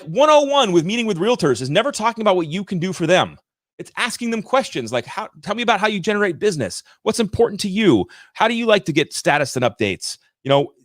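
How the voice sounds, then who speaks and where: A fairly high-voiced man in his thirties coaching viewers about sales on a livestream. He talks in an energetic, emphatic rant and addresses the audience directly. The recording is dry and close, with no room sound. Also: dry recording. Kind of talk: motivational livestream talk.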